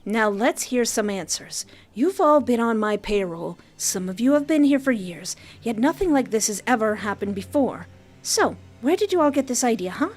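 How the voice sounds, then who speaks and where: A woman voicing a stern, indignant female mine boss in a story game, curt and commanding, her voice fairly high. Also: expressive, normal speed, soft background music.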